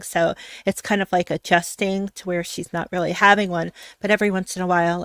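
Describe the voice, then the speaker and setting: A woman's voice: on the low side, fairly bright tone, no room sound. A woman host from Florida, chatting casually and giggling, with many fillers. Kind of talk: casual interview chat.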